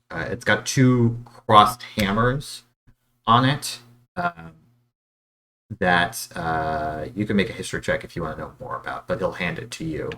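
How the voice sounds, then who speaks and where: A man narrates a tabletop fantasy game as game master. He speaks in a very low voice. His delivery is halting and full of fillers. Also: pushed and bright, slight background noise. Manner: hesitant, filler-heavy narration.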